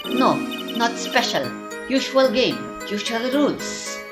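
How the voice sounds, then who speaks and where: A woman voicing a young female Russian waitress as a witness, with a put-on Russian accent and halting broken English. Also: on the high side, animated, over music, voice pushed up. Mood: flat, testifying.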